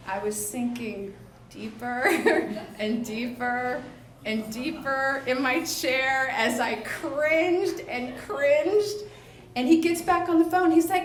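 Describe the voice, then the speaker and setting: A woman tells a personal story to a live audience, taking her time and poking fun at herself, often breaking into laughter. Her voice sits a little high and unhurried. The roomy echo of a small venue surrounds her stage mic. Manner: self-deprecating, laughs often while telling. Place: beach shack restaurant venue, indoors.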